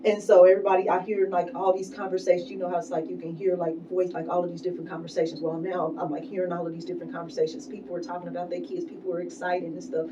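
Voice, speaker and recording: Mellow-voiced woman telling her story. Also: fairly low pitch. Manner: casual, filler-heavy, with many likes and ums. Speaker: guest. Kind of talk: personal storytelling. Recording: dull, distant sound with faint noise.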